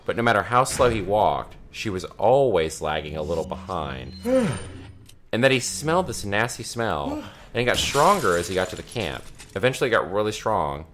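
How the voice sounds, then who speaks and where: A let's play commentator with a lowish, fairly bright voice reads a creepy story aloud to friends during a game at a moderate pace. He's very animated, swearing freely and laughing between lines, with slight background noise.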